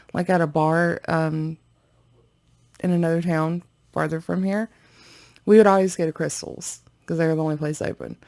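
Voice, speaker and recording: A woman's voice: lowish voice, a little mellow. A woman hosting a reaction video, chatting casually and rambling to her viewers with frequent giggles.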